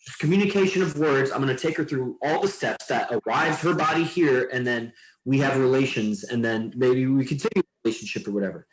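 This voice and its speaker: Speaking fairly quickly at a medium pitch, a man hosts a podcast, drifting through casual, rambling talk with the odd swear word. There's a roomy echo on the recording.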